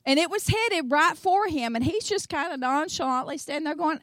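An older woman with a Tennessee accent, preaching a sermon in an animated storytelling way, acting out voices and swinging between soft asides and loud exclamations. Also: high-pitched, fairly quick, dry recording. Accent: Southern US, Tennessee.

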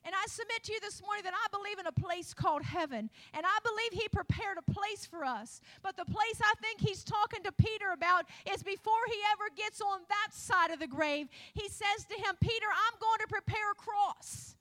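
A woman's voice: extremely high pitch, moderate pace, few pauses, sharp tone. A woman preaching a sermon, retelling Bible stories and acting out the voices of the people in them.

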